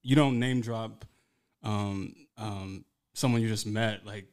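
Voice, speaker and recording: A man's voice: on the low side, steady tone, slow pace, a little mellow, smooth. A man chatting casually on a podcast, dropping dry, offhand remarks. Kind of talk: casual chat.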